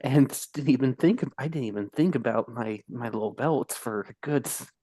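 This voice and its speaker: A man's voice: medium pitch, normal speed, mellow, breathy edge, no room sound. A man playing a tabletop game, speaking in a friendly, reassuring way. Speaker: player.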